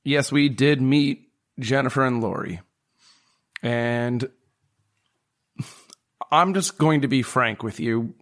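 A man's voice: medium pitch, takes it slowly, long pauses, close to an everyday voice. A man playing an earnest lovesick adventurer. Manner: earnest, pleading. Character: lovesick adventurer searching for a loved one.

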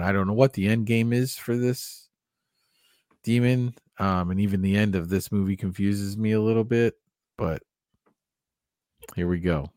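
A man's voice: fairly low pitch, fairly even intonation, moderate pace, long pauses, darkish tone, no room sound, clean studio sound. A man co-hosting a podcast, talking in a loose, rambling way with lots of fillers. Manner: chatty and rambling, with many fillers and laughs. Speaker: podcast co-host. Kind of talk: casual podcast chat.

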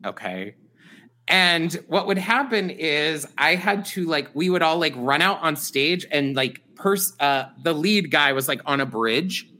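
A man's voice: a little high, lively intonation, unhurried, sharp tone. A young man co-hosting a podcast, telling rambling, self-deprecating stories and laughing often. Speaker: podcast co-host. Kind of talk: casual podcast chat.

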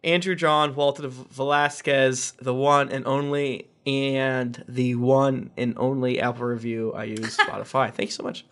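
A man's voice: mid-range voice, steady tone, unhurried, few pauses, a bit bright. A man hosting a casual podcast, reading listener reviews aloud and breaking off into jokey asides and chuckles. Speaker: podcast host.

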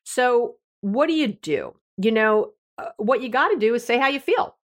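A woman's voice: a little high, expressive, moderate pace. A middle-aged woman, a therapist hosting an advice podcast, talking candidly in a conversational, self-deprecating way.

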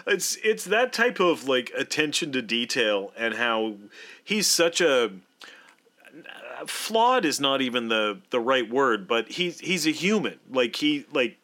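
Man, bright tone, mid pitch, rambling casual film chat, lots of fillers. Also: very animated, slow. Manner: rambling, filler-heavy, laughing asides. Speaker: podcast co-host. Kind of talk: casual movie commentary chat.

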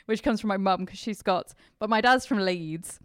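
A woman's voice: mid-range voice, moderate pace, fairly bright tone, smooth. A woman vicar with a mixed English accent, with traces of Kent and Yorkshire, chatting as a podcast guest and laughing often. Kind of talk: casual interview chat.

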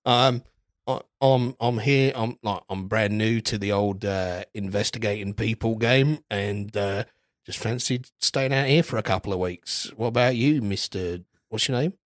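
A man's voice: fairly low pitch, unhurried, no room sound, studio quality, lightly acted. A man voicing a clueless, cheerful Australian investigator in a put-on Australian accent, rambling with hesitant ums. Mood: jovial.

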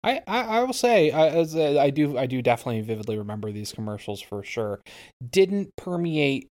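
A man co-hosting a podcast in casual chat, measured and agreeable, hedging his opinions. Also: medium pitch, very animated, darkish tone. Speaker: podcast co-host.

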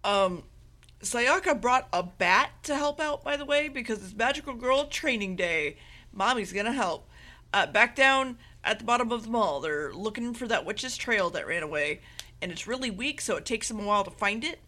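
A woman's voice: on the high side, expressive, moderate pace, sharp tone. A woman co-hosting a podcast, giving a rambling, casual anime recap with laughs and swearing. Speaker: podcast co-host.

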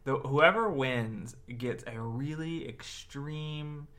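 Bright-voiced man, laughing podcast co-host. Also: mid-range voice, slow pace. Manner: laughs often, rambling restarts. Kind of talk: casual chat.

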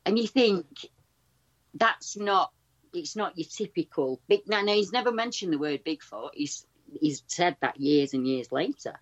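A woman, a guest researcher retelling stories in a chatty, animated way with many restarts. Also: fairly low pitch, unhurried, lo-fi sound. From England. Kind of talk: casual storytelling over a call.

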